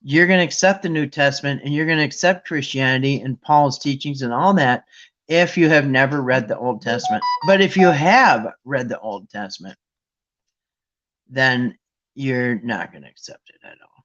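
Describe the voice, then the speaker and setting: A man hosting a Bible trivia game with viewers, chatting casually and thinking aloud with restarts and sudden excited jumps. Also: medium pitch, normal speed. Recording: dull lo-fi sound.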